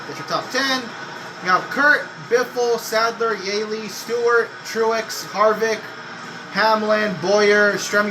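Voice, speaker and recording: High-voiced excitable young man gaming. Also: noisy background. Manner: excitable, swearing, yells at the game. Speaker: racing game streamer. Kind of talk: gameplay commentary.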